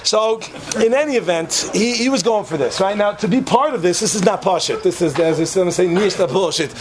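A man's voice: high voice, normal speed, slight background noise. A man telling a humorous story to a live audience, joking and throwing asides to the listeners.

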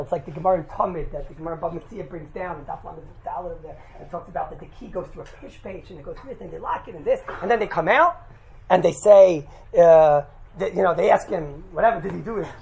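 A man teaching a religious class, telling a lively anecdote with laughs and quick "right?" asides, mixing in Yiddish and Hebrew terms. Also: sits high, vocal fry, a little hiss or hum, low-quality recording. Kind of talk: animated storytelling talk to a group.

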